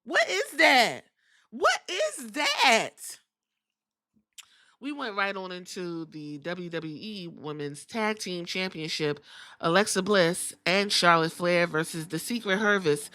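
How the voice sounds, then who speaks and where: A woman's voice: on the low side, measured pace, sharp tone, no room sound, studio quality. A woman hosting a podcast, recapping wrestling in a sassy, profane way and mimicking the wrestlers. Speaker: podcast host.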